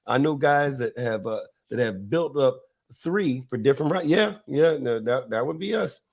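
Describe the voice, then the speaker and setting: A man's voice: medium pitch, animated, moderate pace, a little mellow, husky. Male podcast host from Florida, loose rambling storyteller, laughs often, mid-range voice. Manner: rambling, laughing, many fillers. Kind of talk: casual storytelling chat.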